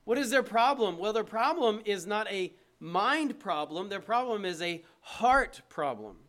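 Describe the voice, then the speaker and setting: A man's voice: high voice, animated, unhurried, fairly bright tone. A man preaching a sermon from the pulpit, emphatic and conversational, with asides to the congregation. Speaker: pastor. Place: church.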